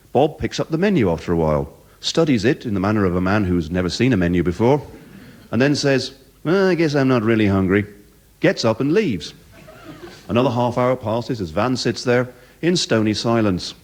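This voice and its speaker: A British man performing live comedy, telling a story in an animated, mock-dramatic way. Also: mid-range voice. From Britain.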